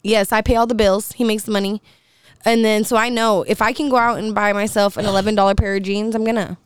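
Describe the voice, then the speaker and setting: A woman's voice: mid-range voice, level tone, fast, smooth, no echo, studio quality. A young woman chatting casually as a podcast guest, laughing often and swearing freely. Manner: laughing, swearing, loose and playful. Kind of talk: casual chat.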